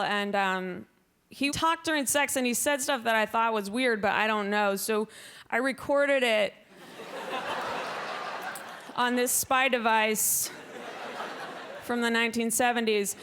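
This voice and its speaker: A young woman doing stand-up on a club stage, her voice high and her delivery dry. She keeps jumping into shrill, loud put-on voices, and the live recording has clear noise underneath. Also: a little slow, long pauses. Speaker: stand-up comedian. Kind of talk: stand-up comedy set. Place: comedy club stage with a laughing audience.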